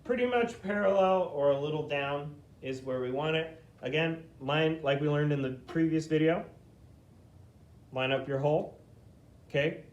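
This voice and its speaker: A man's voice: on the high side, muffled recording. A man teaching a beginner flute lesson, explaining hand positions step by step and checking in often with "okay?". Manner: patient, explains slowly, checks in with frequent "okay?".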